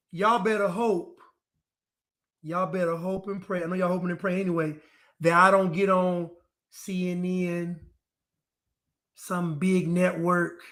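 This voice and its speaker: A man's voice: high-pitched, sharp tone. A man delivering a defiant ranting monologue to camera, repeating his phrases over and over.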